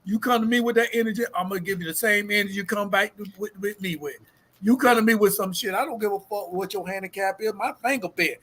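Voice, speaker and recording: A man co-hosting a podcast, talking loudly and emphatically with lots of swearing. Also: high-pitched, fast. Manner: loud, emphatic, repeats "so guess what". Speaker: podcast co-host. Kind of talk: casual chat.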